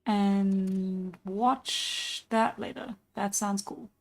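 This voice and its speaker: A woman's voice: medium pitch, very slow. Chatty laid-back woman streamer. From South Africa. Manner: relaxed, chatty, laughs often, many fillers. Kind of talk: casual live-stream chat while drawing. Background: soft background music.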